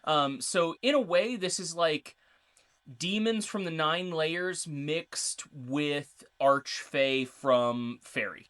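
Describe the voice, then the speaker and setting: A woman's voice: low-pitched, slow pace, fairly bright tone. A woman co-hosting a podcast, explaining game lore in a chatty, casual way with lots of fillers. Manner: chatty, reads notes, filler-heavy. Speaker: podcast co-host.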